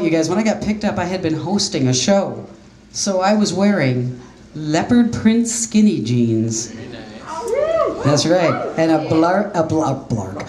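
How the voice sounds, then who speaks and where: Self-deprecating stand-up comic mom. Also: female voice, lowish voice. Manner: self-deprecating, conversational storytelling with quoted voices. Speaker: stand-up comedian. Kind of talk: stand-up comedy set. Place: small jazz club stage, live audience laughing. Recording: roomy club sound with faint ambience.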